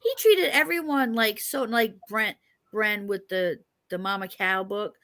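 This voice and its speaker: A woman's voice: mid-range voice, unhurried, fairly bright tone. A woman hosting an interview over a video call, chatting in a friendly way and often agreeing with her guest. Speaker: interview host. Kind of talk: casual interview chat.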